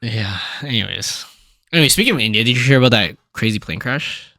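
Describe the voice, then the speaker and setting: A young man co-hosting a podcast, talking in a laid-back casual way, swearing freely and trailing off into low mumbles. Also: expressive, a little fast, gravelly, sharp tone, dry recording, clean studio sound. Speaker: podcast co-host. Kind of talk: casual chat.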